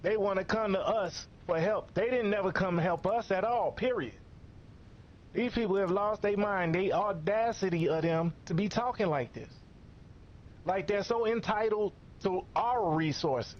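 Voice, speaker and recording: A man's voice: high-pitched, measured pace. A man delivering a profane, scolding commentary rant in a lo-fi recording. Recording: muffled lo-fi recording.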